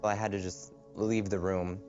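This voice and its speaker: A young man with a fairly low voice tells his story in a quiet, halting way, often stopping and restarting. The film audio is a bit muffled, and faint music plays underneath. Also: level tone. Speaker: interviewee. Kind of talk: documentary testimony.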